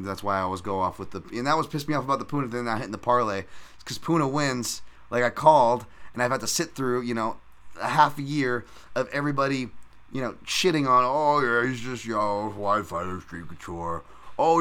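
Guy ranting about his bets on a podcast, swears a lot, low pitch, sharp bright tone. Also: clear, resonant tone. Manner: profane, heated ranting. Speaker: podcast host. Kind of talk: casual sports-betting breakdown.

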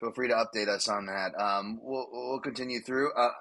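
A male podcast host talks in a loose, rambling way, cracking jokes and laughing as he goes. His voice sounds bright and forward, with a middle pitch. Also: steady tone, normal speed. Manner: rambling, jokey, laughs often. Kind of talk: casual sports betting chat.

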